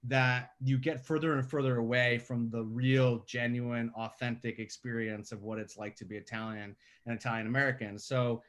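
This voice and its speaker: A man's voice: medium pitch, normal speed, hardly any pauses. Talkative New man telling stories. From Staten Island, New York. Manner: conversational, animated when telling stories. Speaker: guest filmmaker. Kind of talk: podcast interview over a call.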